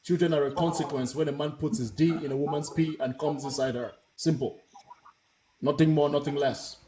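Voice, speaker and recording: A man with a high voice leads a live panel discussion. He talks bluntly and with heat, hammering his points home by saying them again and again. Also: fairly even intonation, a little fast, mellow. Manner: blunt, emphatic, repeats himself. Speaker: host.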